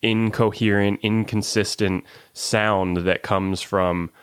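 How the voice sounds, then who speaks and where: A man with a very deep voice chats eagerly about tech, agreeing and adding quick asides. His voice sounds close and dry. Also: fairly even intonation, clear, resonant tone, dry recording. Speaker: podcast co-host. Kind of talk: casual tech chat.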